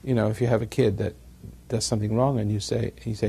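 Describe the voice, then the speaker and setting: A man's voice: lowish voice, level tone, quick pace, creaky, dark tone, breathy edge. A man giving a rambling talk to a live audience, chuckling at his own jokes as he tells stories. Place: evening gathering with an audience.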